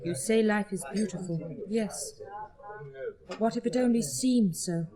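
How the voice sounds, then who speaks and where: A woman's voice: medium pitch, unhurried, crowd noise, natural voice. An actress playing an earnest, melancholy young woman of twenty who speaks plaintively, in a 1960s recorded stage drama. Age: 20s. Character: earnest, melancholy twenty-year-old sister.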